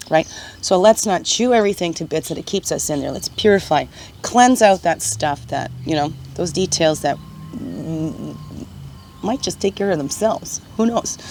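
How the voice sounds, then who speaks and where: A woman talks through a spiritual card reading in a casual, gentle way, often tagging her thoughts with a soft "right?". Her voice sits a little low. A faint hiss runs under the recording.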